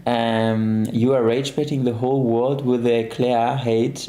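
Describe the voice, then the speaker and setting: A man's voice: medium pitch, fairly even intonation, moderate pace, mellow. A young man hosting a livestream, chatting casually and answering live comments in an easygoing way, laughing often. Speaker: livestream host. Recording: roomy echo.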